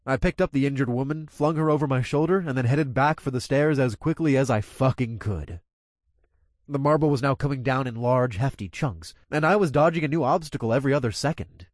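A man's voice: medium pitch, fairly quick, no room sound, clean studio sound. A man reading a first-person action story aloud in a casual, profane manner. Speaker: narrator.

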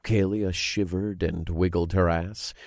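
A man narrating an adult audiobook in the first person, with an expressive reading that builds in intensity. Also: low voice, unhurried, no room sound, clean studio sound.

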